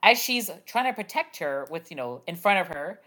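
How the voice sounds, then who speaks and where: A woman co-hosting a laid-back anime podcast. She talks in a lively, exasperated way as she recaps scenes, laughing often and scattering fillers through her sentences. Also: lowish voice, normal speed. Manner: animated, laughs often, uses many fillers like "like". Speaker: podcast co-host. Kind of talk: casual anime discussion podcast.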